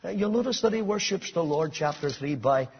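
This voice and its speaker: A man preaching a sermon, swinging between soft, intimate appeals and loud, shouted climaxes. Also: on the high side, expressive, fairly quick, muffled recording, slight background noise.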